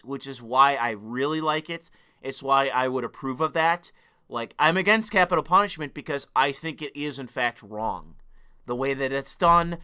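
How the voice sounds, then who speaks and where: A young man hosts a livestream in a profane, heated rant, stumbling into restarts as he goes. His voice sits somewhat high and sounds very bright and crisp. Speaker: livestream host. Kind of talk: ranting livestream monologue.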